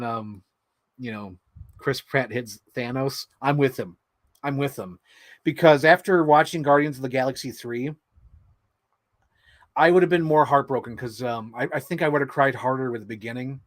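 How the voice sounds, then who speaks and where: A man's voice: medium pitch, no room sound. A man hosting a vlog, chatting casually in an emotional, rambling way, full of fillers and frequent laughs. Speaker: vlog host. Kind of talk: casual chat.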